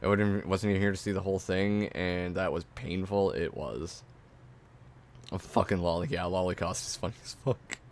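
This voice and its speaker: A man's voice: low-pitched, steady tone, normal speed. A man streaming, chatting casually and profanely as he reacts to videos and reads chat.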